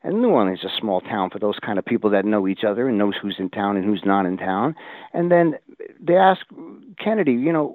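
An older man talking as an interview guest, rambling and restarting often, growing animated when he quotes others. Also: mid-range voice, fast, no echo. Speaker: guest researcher. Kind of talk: casual interview talk. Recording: tinny phone line, dry.

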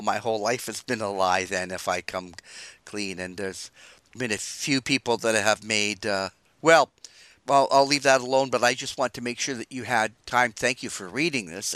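A man's voice: mid-range voice, pushed and bright, dry recording. A man hosting an interview, asking questions in a loose, conversational, rambling way. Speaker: host.

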